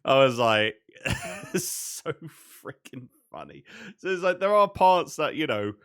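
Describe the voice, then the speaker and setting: A man's voice: a little high, huge pitch swings, unhurried, a bit bright, clean tone. A young man co-hosting a casual podcast, who laughs often and retells scenes with energy. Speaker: podcast co-host. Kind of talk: casual chat.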